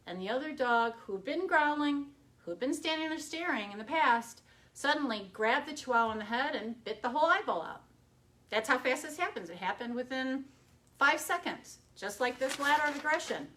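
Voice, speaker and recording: A woman's voice: sits high, fairly bright tone, a little hiss or hum. A middle-aged woman veterinarian talking casually and directly on a live stream, telling case stories with occasional fillers. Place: home or office, streaming live.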